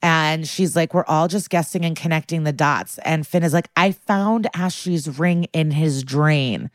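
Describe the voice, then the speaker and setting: A woman's voice: deep voice, no room sound, studio quality. A woman podcast co-host, casually retelling a TV episode and quoting the characters' lines. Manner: retells scenes, quoting characters in quick bursts. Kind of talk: casual recap chat.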